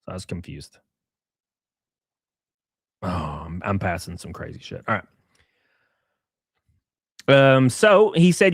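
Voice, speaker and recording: Male streamer, sarcastic and swearing, lively swooping pitch, dry close sound. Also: takes it slowly, gravelly, long pauses, no echo. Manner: profane, sarcastic, mocking. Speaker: streamer host. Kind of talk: livestream commentary reading messages aloud.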